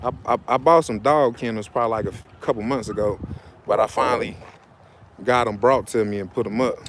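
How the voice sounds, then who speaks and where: This livestream host talks fairly quickly in a medium-pitched voice, with slight background noise. He's outside near his vehicles on a phone, chatting casually, wandering off topic and saying the same things more than once.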